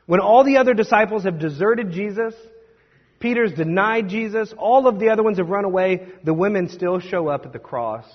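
Husky-voiced male pastor preaching. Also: high voice, moderate pace. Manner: conversational and emphatic, with asides to the congregation. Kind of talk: sermon. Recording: dull recording with long hall reverb.

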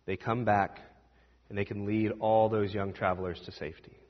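A man preaching and telling a story dramatically, swinging between loud and hushed. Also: on the low side, flat delivery, moderate pace. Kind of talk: sermon storytelling. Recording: dull sound with long hall reverb.

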